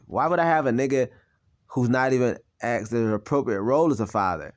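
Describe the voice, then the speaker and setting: A young man talks straight to his audience in a loose, rambling monologue. His words are blunt and often profane, and his voice sits at an ordinary male pitch. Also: fairly quick. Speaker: channel host. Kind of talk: personal monologue.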